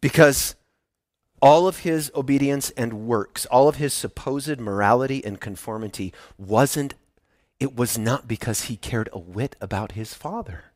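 A male pastor preaching an animated sermon, swinging from hushed tones to loud emphasis as he tells a story. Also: mid-range voice, unhurried, dry recording, clean studio sound.

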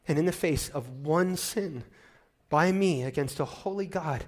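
Preaching at an unhurried pace, this middle-aged pastor has a voice on the high side. He moves between booming enthusiasm and quiet, emotional passages where he sounds choked up.

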